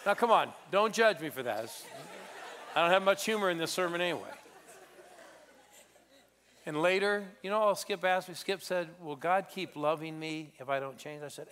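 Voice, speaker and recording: Middle-aged male preacher, raised voice, swings from shouting to hushed, church sermon. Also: sits high. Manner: preaching storyteller, swings between loud exhortation and hushed intensity. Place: church sanctuary.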